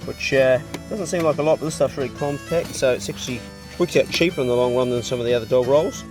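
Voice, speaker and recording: A middle-aged man chatting casually on his farm and talking to his dogs in a relaxed way. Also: mid-range voice, quick pace, music in the background. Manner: laid-back, talks to his dogs. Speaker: vlogger. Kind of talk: casual chat. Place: farmhouse.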